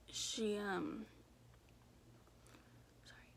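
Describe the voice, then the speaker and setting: A young woman telling a personal story in a casual, rambling way, filling every pause with "like" and swearing freely. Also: mid-range voice, steady tone, creaky, very noisy. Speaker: vlogger.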